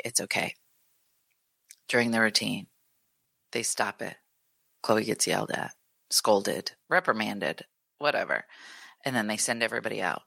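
A woman in her thirties with a strikingly low, gravelly voice that carries a bright, forceful edge. She chats casually on a podcast, telling stories with animated quoted lines. The recording is close and dry. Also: no room sound. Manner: animated storytelling, acts out quotes. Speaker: podcast co-host. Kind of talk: casual chat.

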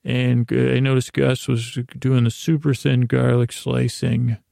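A man's voice: medium pitch, flat delivery, measured pace, creaky, warm tone, no echo, clean studio sound. A man hosting a sleep podcast, rambling through a casual bedtime recap with meandering restarts.

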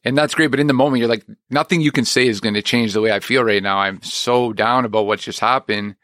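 A man's voice: medium pitch, fast, fairly bright tone, dry recording, clean studio sound. A man, an actor and music teacher, talking candidly and rambling in a casual interview. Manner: candid, rambling, self-deprecating.

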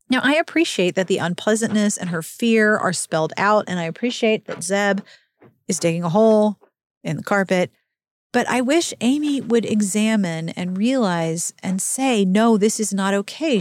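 A woman hosting a casual book-recap show, talking in a wry, exasperated way with sudden jumps in pitch. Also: no echo, clean studio sound. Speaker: podcast host recapping a book.

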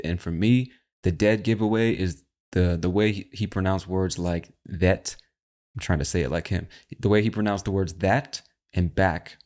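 A male podcast host with a very low, deep voice chats casually about accents. He speaks directly to the listener, calling them "my friend," in an easygoing style. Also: darkish tone. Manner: chatty, addresses the listener as "my friend". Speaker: host of an English-learning show.

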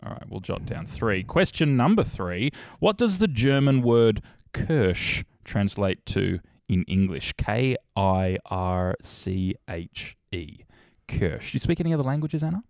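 A man's voice: lowish voice, big pitch swings, measured pace, vocal fry, darkish tone, no echo, clean studio sound. Chatty man hosting a quiz. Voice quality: chatty and easily amused. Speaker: quiz host. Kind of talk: casual comedy quiz chat.

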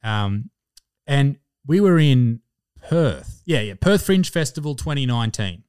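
A man's voice: mid-range voice, very animated, unhurried, a little mellow, clean tone, no echo, clean studio sound. An Australian man in his twenties, a stand-up comic telling rambling stories in casual chat and swearing constantly. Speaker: stand-up comedian and podcast guest.

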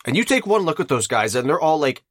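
A man's voice: fairly high pitch, very animated, fast talker, fairly bright tone, no room sound, studio quality. A man on a casual movie podcast, adding behind-the-scenes trivia. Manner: informative, adds trivia. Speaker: podcast co-host. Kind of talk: casual film discussion.

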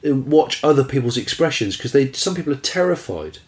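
A man's voice: mid-range voice, animated, fairly quick. A man co-hosting a podcast, chatting casually and playfully, joking with his co-host. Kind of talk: casual chat. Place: caravan.

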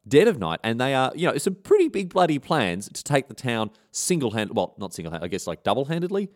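Fast, slangy storyteller man. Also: medium pitch, big pitch swings. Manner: irreverent, slangy, rambling. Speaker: podcast host. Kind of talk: comic history storytelling.

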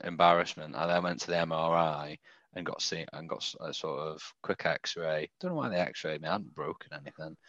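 A man's voice: sits low, a bit bright, no echo, highs cut off. A man co-hosting a podcast, telling his own mishaps in a dry, self-mocking way. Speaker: podcast co-host. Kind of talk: casual chat.

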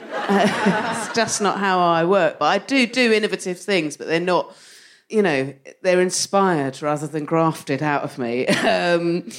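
Giggly woman doing stand-up. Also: fairly low pitch. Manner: playful, self-mocking, giggles through her lines. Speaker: comedian, co-host. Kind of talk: live stand-up comedy. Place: theatre stage before a live audience.

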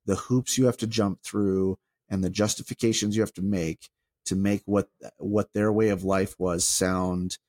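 A man, a former pastor, talking through ideas in a casual podcast chat, rambling and animated with many restarts. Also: fairly low pitch, unhurried.

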